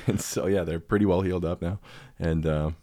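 A man telling a long personal story in casual podcast chat, animated and laughing often, slipping into quick impressions of the people in it. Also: low voice.

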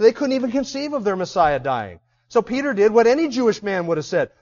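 Pitched high with big swings, this man's darkish voice moves fairly quickly with hardly a pause as he preaches fervently. He poses questions to the audience and performs the people he quotes, on a slightly dull, lo-fi recording.

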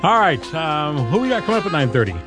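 A man's voice: on the high side, sing-song, fast talker, over music. A man hosting a radio show from a studio, folksy and rambling in casual chat. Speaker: radio host. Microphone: studio microphone.

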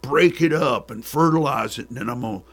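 A preacher putting on a loud folksy farmer drawl. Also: male voice, medium pitch, a little fast, lightly acted. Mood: boastful. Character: folksy country farmer, man, hardworking and plainspoken.

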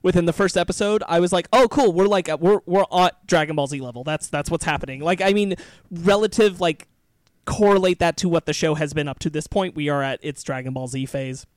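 A man's voice: on the high side, a little fast, dry recording. A man co-hosting a casual podcast chat, enthusiastic, laughing often and restarting his sentences. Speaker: podcast co-host.

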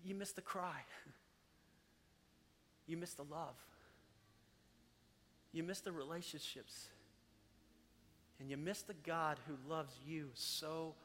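A man in his thirties, a pastor giving a sermon, swinging from loud, rising passages to hushed, soft ones. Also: on the high side, slight background noise. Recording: long reverb of a large hall.

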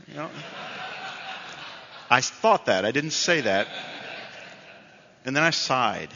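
A man's voice: mid-range voice, expressive, slow, creaky, long pauses, pushed and bright. A middle-aged man preaching a sermon in a conversational, self-deprecating storytelling way. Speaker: pastor. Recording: dull reverberant hall sound.

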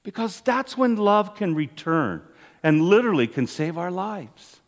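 A man delivers an earnest sermon from the pulpit, his voice pitched high and swinging widely as he stresses each point. The sound carries a long church reverb around him. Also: unhurried. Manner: earnest, animated preaching with rising and falling emphasis. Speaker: priest.

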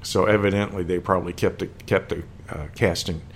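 Deep-voiced man musing with many fillers. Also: steady tone, fairly quick, slight background noise. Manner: thoughtful, hesitant, many fillers and restarts. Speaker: film discussion co-host. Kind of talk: casual conversation.

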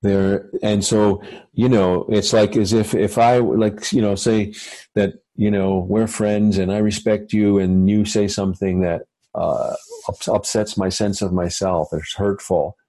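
A man, a guest author, talking reflectively in a halting way with many fillers and restarts. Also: lowish voice, fairly even intonation, dark tone, no room sound, rough recording. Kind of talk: reflective conversational talk.

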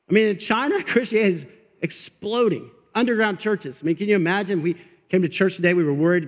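Fired-up high-voiced pastor preaching. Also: male voice, animated, quick pace. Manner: fired-up, conversational preaching with laughs. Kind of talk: energetic sermon. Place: church sanctuary. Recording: long reverb of a large hall.

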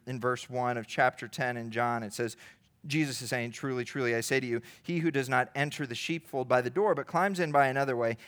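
A man's voice: medium pitch, fairly bright tone. A man preaching a sermon in an earnest, conversational way, building to emphatic rises.

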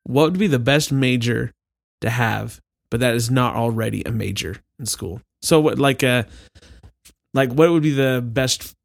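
A man's voice: mid-range voice, measured pace, creaky, dry recording, studio quality. A young man co-hosting a podcast, telling stories in a casual, teasing way. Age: young adult. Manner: teasing, joking storyteller. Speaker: podcast co-host. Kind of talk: casual chat.

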